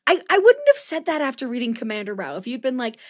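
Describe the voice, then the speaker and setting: A woman co-hosting a podcast in casual chat, gushing and joking, with a slightly husky voice. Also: sits high, huge pitch swings, fast, dry recording, clean studio sound. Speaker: podcast co-host.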